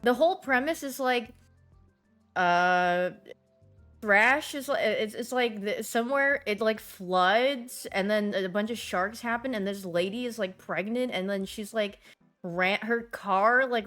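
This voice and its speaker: A young woman streaming, telling stories in a lively, animated way and often laughing and squealing. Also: medium pitch, unhurried, faint music behind. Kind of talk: casual chat stream.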